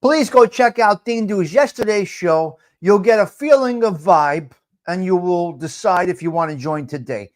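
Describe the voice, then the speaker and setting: A man's voice: high voice, moderate pace. A middle-aged man hosting a casual live chat, teasing viewers, repeating himself and dropping Italian phrases. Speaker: livestream host.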